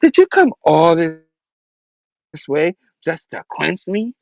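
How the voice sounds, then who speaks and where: A man's voice: fairly high pitch, big pitch swings, takes it slowly, creaky, no echo, muffled recording, exaggerated voice. A man doing a vengeful female vampire. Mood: menacing. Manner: menacing, taunting. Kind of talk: comic book retelling.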